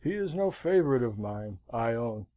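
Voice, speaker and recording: A man voicing a stern, blunt middle-aged army colonel in an audiobook, speaking curtly and gravely. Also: mid-range voice, big pitch swings, normal speed, mellow, no echo. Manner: curt, grave, frank.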